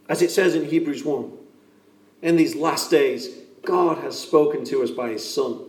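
An earnest man delivers a sermon with a warm, mellow tone, pressing his points home by repeating them. His voice sits a little high for a man and carries the echo of a large room, heard from some distance off the mic. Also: a little slow. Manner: earnest, emphatic, repeats key phrases. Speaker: preacher.

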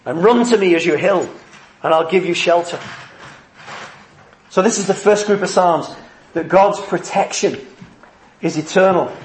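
A man's voice: sits high, a little slow, pauses often, reverberant, slight background noise. A man preaching a heartfelt, earnest sermon.

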